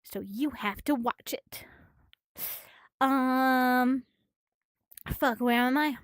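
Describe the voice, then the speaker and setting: A woman streams from her room, reading a comic aloud and rambling about it in a high voice. She sounds a little out of breath, gushing and swearing freely. The sound is dry and close. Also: very slow, no room sound.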